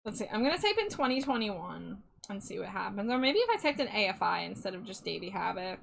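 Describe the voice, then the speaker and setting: A woman's voice: mid-range voice, very animated, fast, vocal fry, a bit bright, slight background noise. A woman streamer chatting casually while she draws, laughing often between remarks. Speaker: streamer drawing live.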